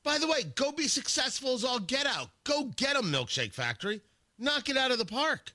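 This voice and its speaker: A man's voice: very high voice, big pitch swings, moderate pace, bright, forceful tone, dry recording. A male radio host in a studio, talking in a casual, wry, rambling way with many stammered restarts. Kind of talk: casual morning radio talk.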